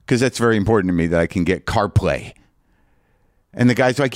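A man's voice: on the low side, brisk, long pauses, no echo, clean studio sound. An older man doing stand-up, telling a long story in a ranting, self-mocking way and acting out both sides of the conversation. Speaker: comedian.

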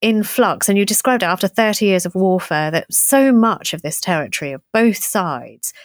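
A middle-aged woman co-hosting a history podcast, retelling events in an animated, emphatic way. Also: mid-range voice, normal speed, no room sound. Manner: animated, emphatic storytelling with rhetorical recaps. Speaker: podcast co-host.

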